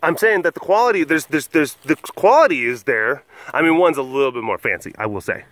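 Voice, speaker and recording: A man's voice: a little high, animated, fairly quick, fairly bright tone, no echo. A man hosting a casual, rambling talk, chuckling often and restarting his sentences. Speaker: host. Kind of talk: casual rambling podcast chat. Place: animal compound.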